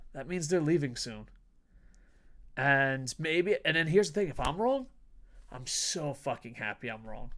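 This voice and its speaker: Young guy doing wrestling news, rants and swears a lot, laughs a bunch, slightly high voice. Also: fairly bright tone. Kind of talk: casual commentary reading headlines.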